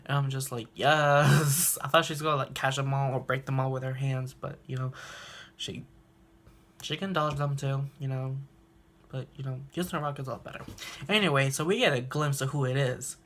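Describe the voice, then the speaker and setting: A man's voice: mid-range voice, fairly even intonation, a little fast, a bit bright. Young man laughing through a recap. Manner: laughs often, acts out quotes. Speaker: reaction video host. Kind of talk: casual episode recap. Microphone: handheld phone.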